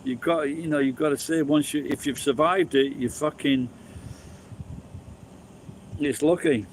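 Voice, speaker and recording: Out on a street, a Sheffield man with a strong Yorkshire accent chats casually with his live viewers, rambling, swearing and laughing a lot. His fairly high voice is unhurried, with slight background noise.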